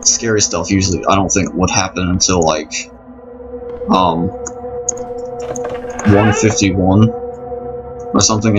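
A man giving nervous let's-play commentary on a horror game at home at night, rambling, apologizing and repeating himself. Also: lowish voice. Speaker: gamer playing a horror game. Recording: dull lo-fi recording over game music. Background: game music.

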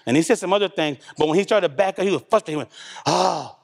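A middle-aged man from Oklahoma delivers a sermon in a church, his voice pitched high for a man and carrying a long reverb through the hall. He tells stories in a loose, colloquial way, rising loud and then dropping to a hush. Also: racing. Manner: animated, colloquial storytelling with shifts between loud and hushed. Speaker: pastor. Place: church sanctuary.

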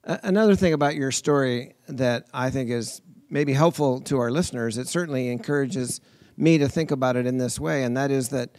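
A man co-hosting a podcast, building a reflective point in a conversational way with quick restarts. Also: medium pitch, a little mellow, no room sound, studio quality. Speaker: podcast co-host. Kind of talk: conversational interview.

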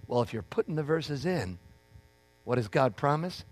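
A man's voice: a little high, animated, brisk, no echo. A man preaching a sermon as pastor, in a conversational way, acting out the voices of people he quotes.

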